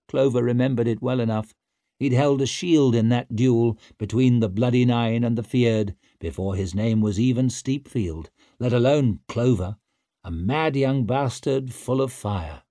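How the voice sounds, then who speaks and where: A man reads an audiobook in a steady, measured way, with a mid-pitched voice. The recording is dry and close, with no room sound. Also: dry recording. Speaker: narrator. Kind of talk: audiobook narration.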